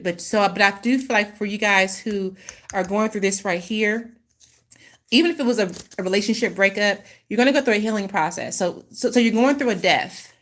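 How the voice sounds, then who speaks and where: A woman hosting a casual card-reading channel, talking in a loose, rambling way. She stumbles, restarts her sentences and keeps apologizing. Her voice sits at an ordinary middle pitch. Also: brisk. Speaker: intuitive reader, host.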